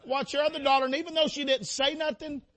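A man's voice: extremely high pitch, flat delivery, quick pace, fairly bright tone. A man preaching a sermon in a church, impassioned and calling out to the congregation. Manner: impassioned, rising and falling, calls out to the congregation. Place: church sanctuary.

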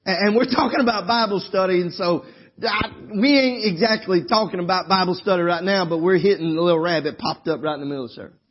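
A man's voice: sits high, quick pace, breathy edge, lo-fi sound. A male pastor preaching a sermon in a folksy, emphatic, wandering way during a church service.

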